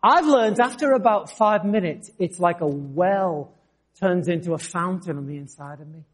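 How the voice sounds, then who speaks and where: A male preacher tells his own story during a sermon, moving from quiet asides to sudden lifts. He speaks in an animated, storytelling way. His voice sits high for a man. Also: normal speed. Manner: storytelling, animated, jumps to shouts. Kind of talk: sermon with personal testimony.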